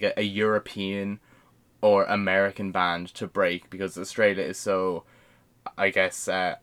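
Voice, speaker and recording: A man's voice: sits low, a bit bright, smooth. A man co-hosting a podcast in casual chat, rambling and swearing freely with lots of fillers and restarts. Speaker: podcast co-host.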